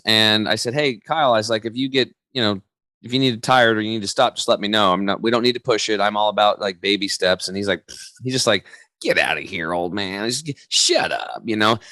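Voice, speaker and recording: A man's voice: lowish voice, brisk, dry recording. A man in his forties, a podcast guest and health coach, chatting casually and acting out quotes as he tells stories. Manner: energetic storyteller, slangy, acts out quotes. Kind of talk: casual interview chat.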